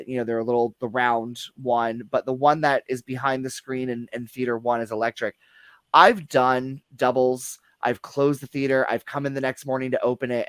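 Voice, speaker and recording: A man in casual conversation, telling a guest's stories of strange events. He rambles, starts over and fills pauses with ums. The sound is dry and close. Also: mid-range voice, dry recording. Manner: rambling, many restarts and fillers. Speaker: guest theater employee. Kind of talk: casual paranormal discussion.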